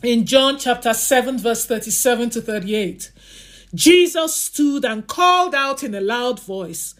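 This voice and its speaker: A woman's voice: on the high side, lively intonation, takes it slowly. A woman leading a fervent prayer session over a hotline, chanting and singing repeated refrains. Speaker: prayer leader.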